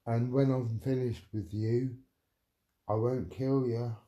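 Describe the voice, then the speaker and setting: A man's voice: mid-range voice, steady tone, slow pace, mellow. A middle-aged man on a livestream, ranting angrily and threatening someone while answering chat, with a lot of swearing.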